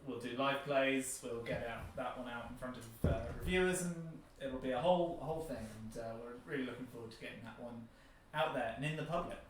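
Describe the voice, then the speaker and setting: An English-accented man hosts a casual livestream chat about board games for a board game company. His medium-pitched voice moves briskly with hardly any pauses, yet he sounds hesitant, full of fillers and restarts. The distant mic picks up an echoey room and a little hiss or hum.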